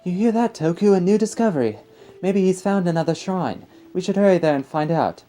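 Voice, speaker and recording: A man voicing an excitable male farmer villager from a video game, in a put-on British accent. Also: sits high, brisk, a little hiss or hum, voice pushed up, lightly acted. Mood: excited.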